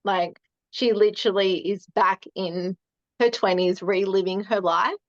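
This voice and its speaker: A woman, a guest telling a family story in casual chat, full of "um" and "like" and quick laughs. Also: mid-range voice, fairly even intonation, dry recording. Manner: chatty, lots of "um" and "like", laughs often. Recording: dry, dull lo-fi mic sound.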